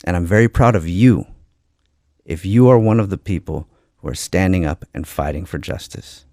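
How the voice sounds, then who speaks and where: A man's voice: low voice, normal speed, dark tone, dry recording, clean studio sound. A man speaking as a radio host, giving an earnest, heartfelt on-air message.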